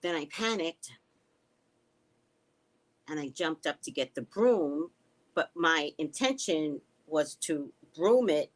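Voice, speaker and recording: A woman's voice: low voice, slow pace, long pauses. A woman hosting a casual live stream from home, telling stories sarcastically, swearing often and reading viewer comments aloud. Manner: sarcastic, animated storytelling with frequent swearing.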